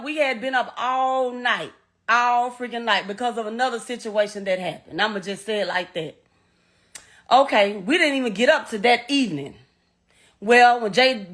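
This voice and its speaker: A woman's voice: on the high side, a bit bright. Blunt middle-aged woman recounting events. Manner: blunt and profane, often repeats and restarts phrases. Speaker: grieving mother telling her story. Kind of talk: personal spoken account.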